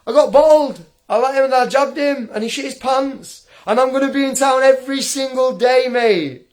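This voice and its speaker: At an ordinary pace, a young man with a high voice delivers an angry livestream rant, ridiculing his critic with contempt and a fighting attitude, with laughter breaking through.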